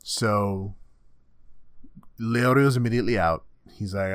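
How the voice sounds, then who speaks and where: A man's voice: on the low side, measured pace, no echo, studio quality. A man co-hosting a podcast, recapping anime in a profane, rambling casual chat. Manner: profane, rambling, acts out characters. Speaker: podcast co-host.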